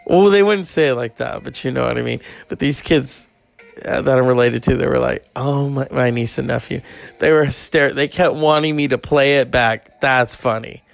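A man's voice: moderate pace, creaky, faint music behind. A man in his forties rambling and ranting in a profane monologue, often swearing and mocking people. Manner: ranting, swearing, mocking others in high put-on voices.

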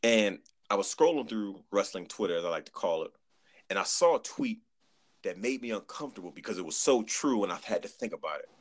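A man chatting on a podcast, telling an animated story, acting out quotes and repeating words as he goes. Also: on the low side, brisk. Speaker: podcast guest. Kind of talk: casual chat.

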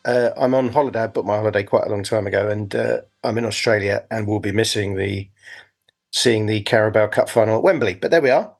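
A man's voice: fairly low pitch, fast, soft background music. A man hosting a football podcast, chatting casually with lots of fillers and restarts. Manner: hesitant, full of fillers and restarts. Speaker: podcast host. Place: on holiday, speaking remotely.

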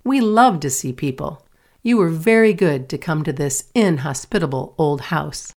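A woman's voice: low voice, normal speed, darkish tone. A woman reading aloud, voicing a polite, hospitable young girl in a storybook. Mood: earnest. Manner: earnest and hospitable. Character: warm well-mannered young girl.

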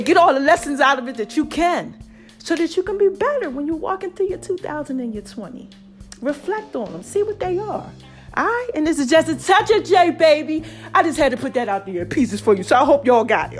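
A high-pitched woman talking straight to her viewers in a loose, upbeat vlog. She is playful and laughs easily, and she keeps calling them "baby" and "y'all" as she hands out life advice. Soft music plays faintly underneath. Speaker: vlogger giving life advice. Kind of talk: casual motivational talk to viewers.

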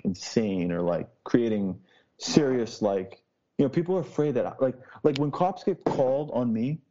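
A man talking in a loose, brash way, full of swearing and long tangents. His voice is mellow and dark. The audio is dull and lo-fi, like a call recording. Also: mid-range voice. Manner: brash, swears a lot, rambling storytelling. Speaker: podcast guest, street DJ. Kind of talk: casual chat. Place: Boston.

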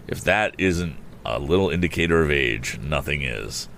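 A man with a very deep voice reads a storybook aloud. His intonation rises and falls freely, and he steps out now and then to make wry, joking remarks. A faint noise sits in the background. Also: expressive, moderate pace, a bit bright. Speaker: audiobook reader. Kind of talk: storybook narration with casual asides.

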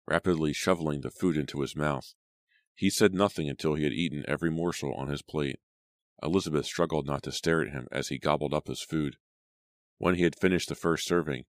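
A man narrating an audiobook in a steady, measured reading. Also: very deep voice, no echo, studio quality. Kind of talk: scripted narration.

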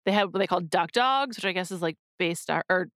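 A woman co-host chats casually, her voice bright and forward. She talks in bursts full of "like" fillers and quick restarts. The sound is dry and close, with no room around her. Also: lowish voice, lively intonation, no room sound. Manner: chatty, many "like" fillers and restarts. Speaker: podcast co-host. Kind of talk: casual chat. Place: in New York.

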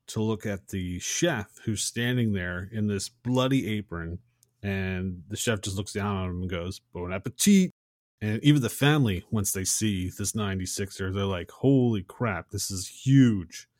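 Low-voiced man recapping a movie scene. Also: no room sound, studio quality. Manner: retells scenes and acts out quotes. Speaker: podcast co-host.

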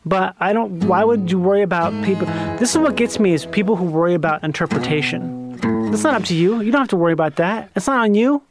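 A man's voice: high voice, fast, music in the background. An American man hosting a podcast in a studio, chatting casually in a teasing, profane, emphatic way. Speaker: podcast host. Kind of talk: casual chat. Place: recording studio.

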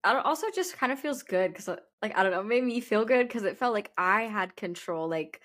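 A young woman co-hosting a podcast in casual chat, animated and cursing freely, acting out her own quotes loudly. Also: medium pitch, brisk. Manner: animated, swears a lot, acts out quotes loudly. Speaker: podcast co-host.

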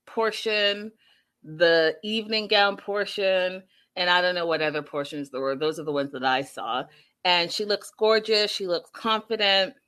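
A woman in her thirties chatting casually to her viewers as she recaps a reality show, animated and talking straight to them. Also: fairly low pitch, moderate pace.

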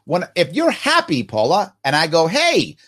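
A man hosting a podcast, answering viewer comments in casual talk, animated and emphatic, asking himself rhetorical questions. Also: a little high, normal speed.

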